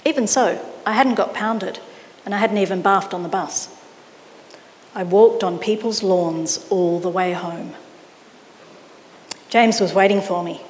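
A woman reading a children's story aloud with expressive delivery, in an echoey hall. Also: medium pitch, unhurried, long pauses, slight background noise.

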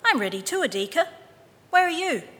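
Woman reading cheerful village mother: sing-song, raised and bright, echoing hall. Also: high-pitched, very animated, brisk, voice pushed up, heavily acted.

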